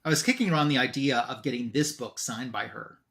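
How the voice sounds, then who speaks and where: A man's voice: medium pitch, fairly quick, fairly bright tone. A man co-hosting an online show, casually retelling a comic book plot and quoting the characters in an offhand way. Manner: retells scenes with "he's like" quotes. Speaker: co-host.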